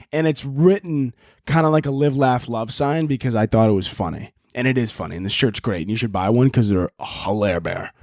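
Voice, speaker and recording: A young man hosting a casual solo podcast, telling animated stories with lots of swearing and jokes. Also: mid-range voice, no echo, clean studio sound. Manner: animated storytelling, swearing, joking. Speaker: podcast host.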